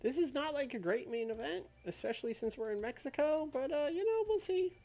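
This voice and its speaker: A man live-streaming a wrestling booking game who talks through every decision in loose, rambling chat. His pitch swings widely, and he curses casually as he goes. Soft music plays faintly behind him. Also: animated, fairly quick. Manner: thinks aloud, swears casually, trails off and restarts. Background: faint background music.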